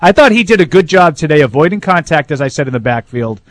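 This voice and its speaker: A man in a radio studio rattles off blunt takes on the game at a brisk clip. The recording is dry and close, with nothing behind him. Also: fairly high pitch, expressive, no room sound. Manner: quick, blunt opinions. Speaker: football analyst. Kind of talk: postgame radio talk.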